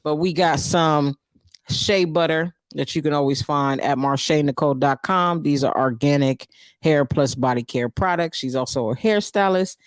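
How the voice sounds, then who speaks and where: A woman's voice: low voice, moderate pace, no echo, clean studio sound. A woman with a New York accent hosting her own live stream, casually recapping a book and reacting to viewers in a chatty, loose way. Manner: chatty and loose, reacting to chat, frequent fillers.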